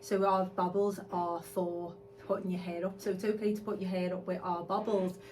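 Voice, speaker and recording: A woman, co-hosting a podcast and telling stories excitedly in casual chat. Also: fairly low pitch, normal speed. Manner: excitable, animated storytelling. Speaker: podcast co-host, hair extensionist.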